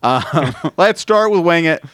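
A man chatting on a podcast, telling stories in a lively way and slipping into little voices for people he quotes. His voice is smooth and resonant. The sound is dry and close. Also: on the high side, slow, no room sound. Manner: animated storyteller who slips into quoted voices. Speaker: podcast host. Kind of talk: casual chat.

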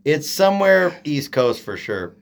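A man's voice: a little high, very animated, a little slow. A man from Oregon co-hosting a podcast in casual chat, rambling and joking, often trailing off mid-sentence. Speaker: podcast co-host.

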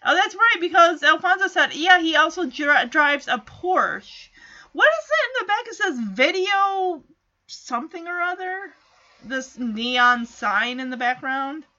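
A woman with a high, bright voice talks through a TV episode in a casual, giggly way, laughing often. She speaks unhurriedly, and the audio sounds dull and lo-fi. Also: lively intonation, measured pace. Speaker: show recapper.

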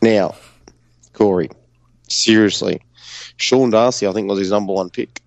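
Brief: Australian male podcast co-host, lively sweary storyteller, dry close recording. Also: on the low side, unhurried, gravelly, dry recording, highs cut off. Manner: animated, profane, storytelling. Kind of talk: casual sweary banter.

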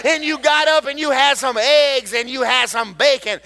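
A man preaching a sermon as pastor, exhorting and joking with his congregation and rising to shouts. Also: extremely high pitch, normal speed.

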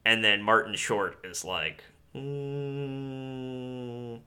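A man recaps a movie on a podcast in a loose, profane way. His voice is bright and lively, and his pitch rises and falls constantly. He keeps dropping into silly impressions of the characters. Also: moderate pace. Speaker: podcast co-host. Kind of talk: casual chat recapping a movie.

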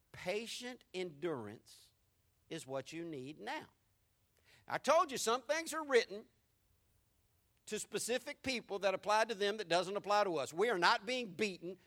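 A middle-aged man delivers a sermon in a high, ringing voice. He preaches with emphasis, circling back to the same phrases and dropping to near-hushed tones before rising again. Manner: emphatic preaching that repeats key phrases and swings between loud and hushed. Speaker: pastor.

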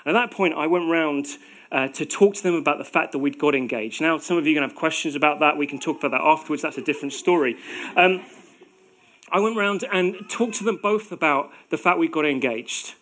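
A man's voice: fairly high pitch, a little fast, fairly bright tone. A man in his forties preaching a sermon in a conversational way, with self-deprecating humor.

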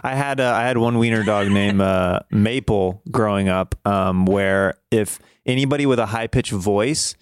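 A man's voice: on the low side, unhurried, few pauses, smooth, no echo. Man with a dry, close voice. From Kansas. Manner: laughing, rambling storyteller with many fillers. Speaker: podcast host. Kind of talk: casual chat over video call. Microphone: video call.

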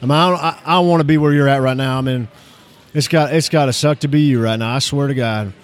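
A plain-spoken, folksy male doctor with a Texan drawl, as a man puts him on. He talks to a patient like an old buddy, loose and chummy, at an everyday pitch. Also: fast talker, natural voice.

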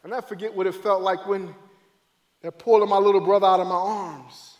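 A man, a former football player, giving an emotional faith testimony, dramatic and acting out moments as his voice swings between loud and hushed. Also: high-pitched, fairly even intonation, fairly quick, big-room sound, dull audio.

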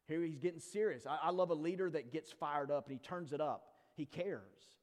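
A man with a fairly high voice preaches a sermon in a reverberant hall. He reads scripture at a brisk pace, then slows right down to pose rhetorical questions, with playful asides to the congregation. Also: a little mellow. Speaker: pastor.

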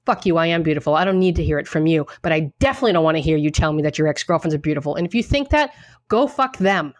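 A woman's voice: sits low, lively intonation, rapid-fire, no echo. A woman co-hosting a casual talk show, blunt and emphatic, swearing freely as she gives her opinions. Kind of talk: casual chat.

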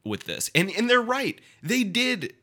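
A man's voice: high-pitched, sing-song, measured pace, pushed and bright. A young man co-hosting a casual gaming podcast, joking and laughing often and slipping into silly voices. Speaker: podcast co-host.

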